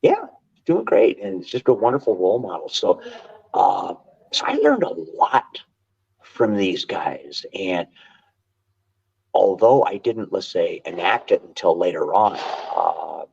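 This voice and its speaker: An older man telling stories as a podcast guest, animated and quick to restart his sentences, on dull lo-fi audio. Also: low voice, husky. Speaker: guest, martial arts instructor. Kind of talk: casual storytelling interview.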